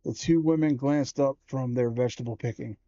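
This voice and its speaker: A man reading a children's horror book aloud, slow and measured with small self-corrections. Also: medium pitch, mellow, no echo, lo-fi sound.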